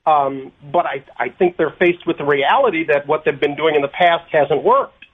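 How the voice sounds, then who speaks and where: Guy calling in on a tinny phone line, kinda high voice, lots of ums and restarts. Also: husky. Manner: halting, many ums and restarted phrases. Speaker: guest interviewed by phone. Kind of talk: radio interview answers.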